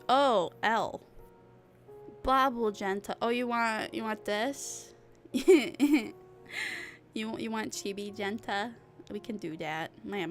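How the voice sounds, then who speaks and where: A woman streaming as a VTuber, chatting casually with her live chat in a rambling, giggly way. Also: medium pitch. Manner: giggly, rambling, drawn-out talk.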